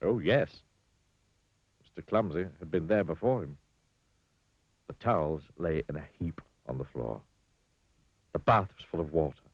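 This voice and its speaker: A man's voice: rumbling low, animated, moderate pace, long pauses, husky, dry recording. A man reading a children's story in a dry, wry storybook manner. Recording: dull lo-fi dry recording.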